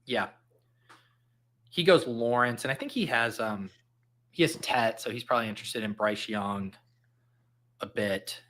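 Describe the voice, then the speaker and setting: A man's voice: medium pitch, unhurried, long pauses, a bit bright. A man hosting a casual podcast, rattling off names and numbers and telling jokey stories. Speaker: podcast host. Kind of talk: casual podcast chat during a fantasy football draft.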